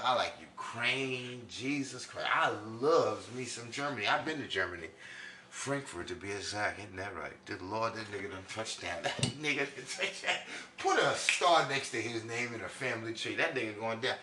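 A man from New York doing a loud, preachy comic monologue that swings between high and low. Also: animated, normal speed, far from the mic, noisy background. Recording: echoey room, from off-mic.

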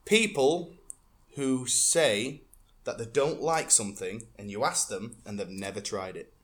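A man co-hosting a podcast in casual banter, animated and sweary, now and then breaking into sung tunes. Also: mid-range voice, measured pace. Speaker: podcast co-host.

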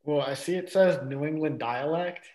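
A man's voice: fairly high pitch, moderate pace, a little mellow. A man, a student, rambling and unsure as he answers the teacher. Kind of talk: classroom discussion.

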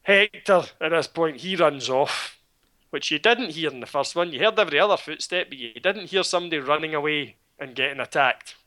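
A man's voice: on the high side, a little fast. A Scottish man retelling a film plot in casual chat, sardonic and swearing freely. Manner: sardonic, swearing, animated storytelling.

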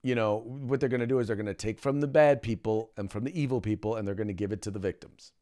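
Emphatic man with a smooth voice. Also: lowish voice, quick pace, dark tone. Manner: emphatic, many "uh" fillers, restarts. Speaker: podcast host. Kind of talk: casual political commentary.

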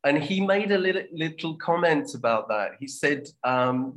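A man teaching an online English lesson, explaining in a relaxed way with frequent fillers. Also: a little high, normal speed, hardly any pauses.

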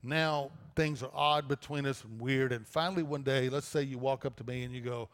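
Conversational preacher in a reverberant church. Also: male voice, medium pitch, fairly even intonation, normal speed, few pauses. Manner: conversational preaching with repeated restarts. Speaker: pastor. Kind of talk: sermon. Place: church auditorium. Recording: long reverb of a church auditorium.

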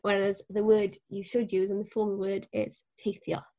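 A woman teaching words in a relaxed lesson, patient and encouraging as she models pronunciation slowly. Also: mid-range voice, dull audio. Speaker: Welsh language teacher. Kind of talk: casual language lesson.

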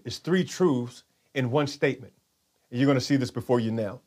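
A man's voice: mid-range voice, moderate pace, darkish tone. A man preaching a sermon in a conversational way, often repeating words and having the congregation say lines back. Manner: conversational, repeats words, leads call-and-response.

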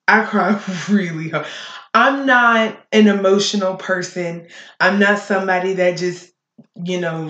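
A woman's voice: fairly low pitch, a bit bright. A woman hosting a solo podcast, ranting bluntly and with plenty of swearing. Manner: blunt and profane, talking fast and heated. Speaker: podcast host. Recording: echoey room.

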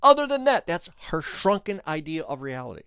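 A man hosting a podcast, telling a story in an animated way, restarting phrases and speaking straight to the listeners. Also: on the high side, a little fast, smooth, no echo, studio quality. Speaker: podcast host. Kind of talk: storytelling commentary.

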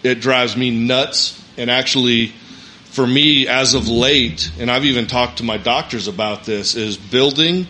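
A man chatting casually as a podcast guest, earnest and steady. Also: mid-range voice, unhurried, a little hiss or hum. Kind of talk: casual chat.

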